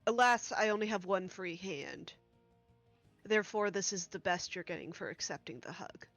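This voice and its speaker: A woman playing in a tabletop game, talking in a sarcastic, deadpan way. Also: mid-range voice, normal speed, no echo, highs cut off, soft background music. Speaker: player. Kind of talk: casual tabletop role-play.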